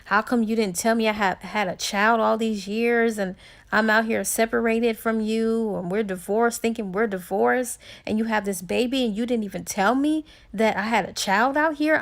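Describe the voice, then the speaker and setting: A woman voicing a jealous, indignant grown man in a book story, repeating his lines in a stammering, exclaiming way with a slightly lower, softer voice. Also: close to an everyday voice.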